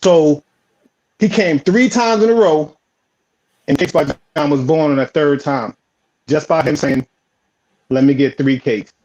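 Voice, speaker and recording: A man with a New York accent, a home baker, speaks in a relaxed, rambling way, circling back on his first words. His voice sits a little high. The recording is dull and lo-fi. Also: unhurried, pauses often. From Philadelphia, raised on Staten Island. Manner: relaxed, repeats and stammers at phrase starts. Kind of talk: casual storytelling. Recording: dull lo-fi audio.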